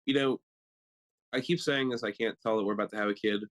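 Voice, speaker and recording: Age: 30s. Sex: man. Style: casual comedic storytelling, animated. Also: quick pace, rough recording. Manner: animated, acts out quotes in high squeaky voices; laughs often mid-story. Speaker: podcast co-host.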